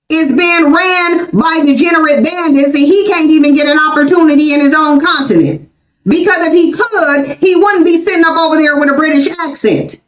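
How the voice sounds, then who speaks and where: High-pitched american lady in her 40s, livestream host, repeats herself hard, roomy echo. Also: fairly bright tone. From United States. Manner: emphatic, repeats her points insistently. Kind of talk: livestream commentary.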